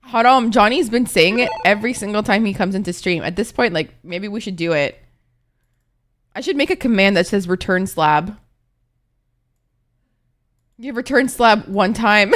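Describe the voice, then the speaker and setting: A woman's voice: medium pitch, moderate pace. A young woman streaming and chatting with her viewers in a casual, dramatic way, swearing freely; she is tired and a little congested.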